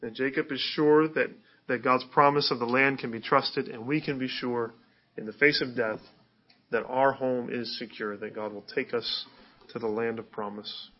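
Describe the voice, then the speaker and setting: A man's voice: medium pitch, steady tone, moderate pace, muffled recording. A male pastor preaching a sermon in an easygoing, conversational way, with fillers and restarts.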